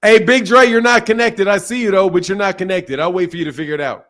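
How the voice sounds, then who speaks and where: A man's voice: high voice, fast talker, a bit bright. A man hosting a live stream, chatting casually with callers in a loose, profane, teasing way.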